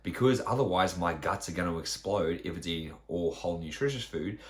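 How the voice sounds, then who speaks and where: A man's voice: sits low, a little fast. A man, a fitness trainer, ranting bluntly on his podcast with lots of swearing and rhetorical questions.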